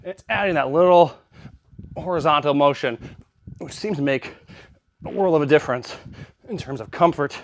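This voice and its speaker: A man's voice: on the high side, moderate pace, pauses often, dry recording. Guy in a gym catching his breath, explaining a machine casually, dry close sound. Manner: breathy, puffing between sets. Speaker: fitness vlogger. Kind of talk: casual workout demonstration.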